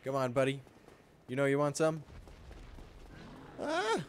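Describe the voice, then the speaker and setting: A young man streaming a game, chatting with viewers in a relaxed, joking way and breaking into loud yelps and laughs. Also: mid-range voice, brisk, slight background noise. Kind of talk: gameplay commentary.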